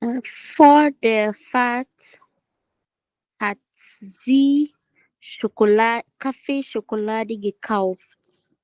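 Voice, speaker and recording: Slow, hesitant female language student. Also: on the high side, darkish tone, dry recording, low-quality recording. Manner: hesitant, slowly piecing sentences together. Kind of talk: answering in a language class.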